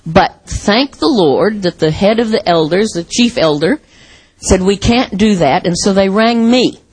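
A woman's voice: medium pitch, animated, a little slow, darkish tone, husky, poor audio. A woman pastor preaching a sermon in an earnest, heartfelt storytelling manner.

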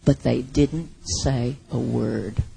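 A woman preaching a sermon, telling a Bible story with lively acted-out asides. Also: extremely low pitch, takes it slowly, gravelly, slightly rough, low-quality recording.

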